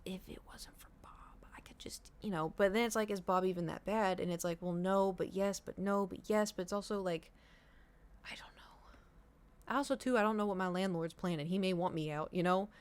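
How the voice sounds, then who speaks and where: A woman's voice: medium pitch, brisk, hardly any pauses, clear, resonant tone. A young woman streamer rambling through a casual story, full of "like" and "you know". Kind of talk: casual chat.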